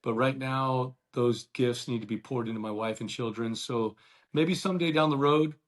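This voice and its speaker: A middle-aged man, a former ballplayer, guesting on a casual podcast chat, speaking earnestly and warmly and often restarting his sentences. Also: medium pitch, moderate pace. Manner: earnest and warm-hearted, with frequent restarts. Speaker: guest, former baseball player.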